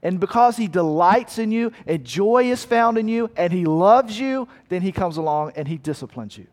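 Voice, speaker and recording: Earnest preacher in a reverberant hall. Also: male voice, high voice, expressive, moderate pace, darkish tone. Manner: earnest, emphatic, storytelling, with spoken repetition. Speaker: pastor. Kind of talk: sermon.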